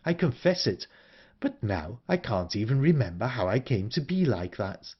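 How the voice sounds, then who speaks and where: A man voicing a calm, composed older woman in an audiobook, speaking in a measured way. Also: medium pitch, breathy edge, dull audio. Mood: calm, wistful. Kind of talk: audiobook character reading.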